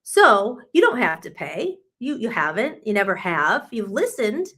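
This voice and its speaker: A woman's voice: medium pitch, sing-song, measured pace, pushed and bright, slightly rough. A woman co-hosting a live talk radio show, speaking with emphatic, sarcastic, profane frustration. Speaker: radio co-host. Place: radio studio.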